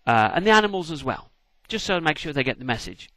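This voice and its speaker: A man voicing a calm, offhand male deity who talks in a casual, matter-of-fact way. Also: on the high side, fast, no echo, voice pushed up.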